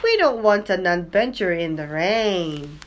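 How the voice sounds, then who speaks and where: A little boy in a storybook, restless and fed up with the rain, as a woman reads him out. His whiny voice swoops up and down with wide lively pitch. The words come slow and drawn out. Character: Kipper, small boy, restless and easily bored. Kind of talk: children's storybook reading.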